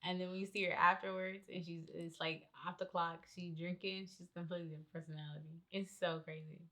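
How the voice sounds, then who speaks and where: A woman's voice: on the low side, level tone, fast, fairly bright tone. A young woman co-hosting a podcast, who explains her points firmly and step by step in casual chat. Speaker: podcast co-host.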